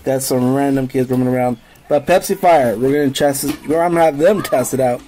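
A man with a stuffy, congested voice from a cold, chatting loosely to his viewers as he hosts a family taste test. His tone is mellow and warm rather than bright. He rambles easily, with a relaxed, homey manner. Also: mid-range voice, fairly quick, rough recording. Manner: easygoing, rambling, talks to viewers as "guys". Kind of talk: casual home video chat.

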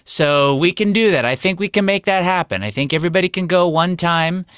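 A man's voice: sits high, expressive, fairly quick, a bit bright, clean tone, no room sound. A man, a voice actor, chatting casually on a video call with dry, self-mocking humor. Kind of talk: casual panel chat.

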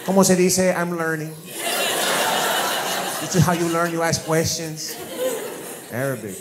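A man from Maryland doing stand-up crowd work on a club stage, teasing an audience member with loud, profane banter. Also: fairly high pitch, unhurried, very noisy. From United States (Maryland). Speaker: stand-up comedian.

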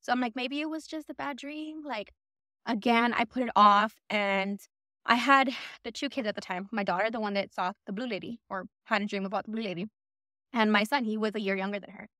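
A woman's voice: medium pitch, fairly even intonation, fairly quick, sharp tone, dry recording, studio quality. A woman telling her own ghost story in a chatty, casual way, acting out what people said. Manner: chatty, lots of "I'm like" quoting.

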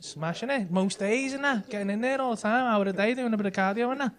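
A man's voice: high voice, fast talker. A man doing stand-up crowd work in a comedy club, teasing audience members with brash, sweary banter. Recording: live club set with loud audience laughter.

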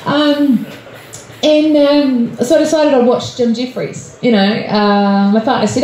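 An Australian woman with a warm, high, expressive voice takes her time on a comedy club stage. Her stand-up is nervous and self-deprecating, chatty and peppered with ums, and the roomy club carries a faint murmur from the crowd.

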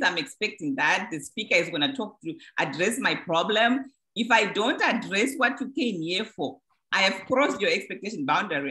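A woman's voice: mid-range voice, a bit bright, low-quality recording. A middle-aged woman giving an earnest church teaching on boundaries, in plain words, acting out short everyday examples. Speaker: speaker teaching a church group. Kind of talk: teaching talk to a congregation.

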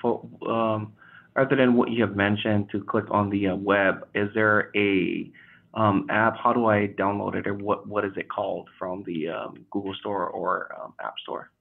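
Male caller, low gravelly voice, hesitant, phone-line quality. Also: little pitch movement, moderate pace. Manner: hesitant, many fillers. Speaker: caller asking a question.

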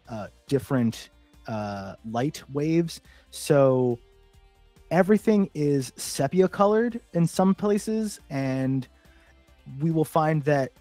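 A man co-hosting a live-streamed talk show, improvising a mock report with many pauses and fillers. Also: medium pitch, a little mellow, no echo. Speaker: podcast co-host. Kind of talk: casual chat, mock weather report.

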